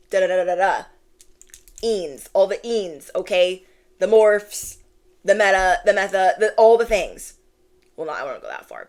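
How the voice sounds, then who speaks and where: A woman in her thirties giving a spiritual reading to her viewers, emphatic and playful, repeating phrases for effect. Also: fairly low pitch. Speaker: intuitive tarot reader.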